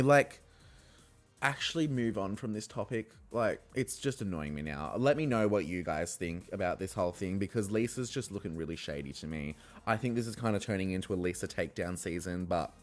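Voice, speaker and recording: A young man hosting a podcast, giving a casual, exasperated recap, swearing freely and acting out his own reactions. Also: lowish voice. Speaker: podcast host.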